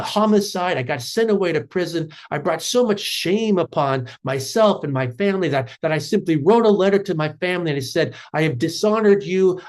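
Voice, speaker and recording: A man speaking as a remorseful middle-aged ex-convict in a spoken parable, in a halting, anxious way. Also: fairly high pitch, darkish tone, lightly acted.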